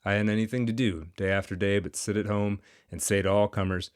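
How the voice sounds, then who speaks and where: Male narrator, fairly low voice, lively and expressive classic storytelling. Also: a little fast, hardly any pauses, clean tone, dry recording, studio quality. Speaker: audiobook narrator.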